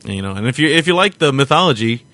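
A man's voice: mid-range voice, animated, fast talker, sharp tone. A man co-hosting a podcast, chatting loosely about a movie with frequent laughs and a joking, rambling manner. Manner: laughs often, jokey and rambling. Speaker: podcast co-host. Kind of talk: casual film review chat.

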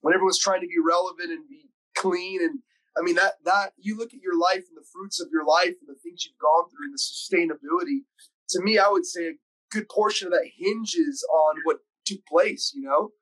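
A man's voice: sits high, normal speed, a bit bright, rough recording. A man hosting a podcast, speaking in a casual, reflective way and reacting often with short exclamations. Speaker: podcast host. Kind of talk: casual interview chat.

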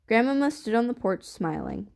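A woman's voice: fairly high pitch, big pitch swings, moderate pace, creaky, a little mellow. Woman narrating a story aloud. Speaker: audiobook narrator. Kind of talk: scripted narration.

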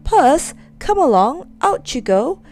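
A woman's voice: on the high side, big pitch swings, measured pace, warm tone. A woman voicing a fussy, forgetful old husband who frets and exclaims. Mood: fretful. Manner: fretful, exclaiming.

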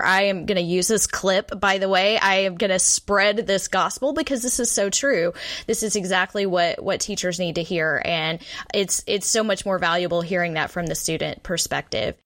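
A woman's voice: lowish voice, moderate pace, fairly bright tone, dry recording. A woman co-hosting an education podcast, talking in an effusive, delighted way and heaping praise on her guests. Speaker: podcast co-host. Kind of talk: enthusiastic interview chat.

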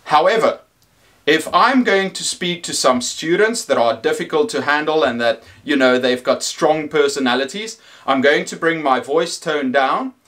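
A man in his thirties giving teaching tips in a measured, deliberate talk, shifting his pitch up and down to show what he means. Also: expressive, fairly bright tone. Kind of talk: instructional talk to camera.

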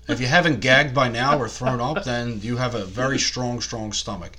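A man's voice: medium pitch, normal speed, few pauses, sharp tone. A man co-hosting a casual comedy podcast, telling rambling, crude stories. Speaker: podcast co-host.

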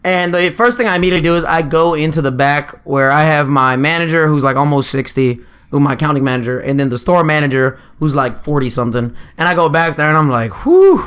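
Fairly high-pitched and quick, a young podcast co-host's voice comes across bright, clear and resonant. His storytelling chat is casual and animated, broken up by laughs and impressions of the people in his stories.

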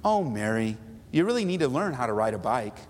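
A man's voice: medium pitch, sing-song, fairly quick, slight background noise, natural voice. A man doing a doting, soothing comforter. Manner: tender, reassuring, chatty.

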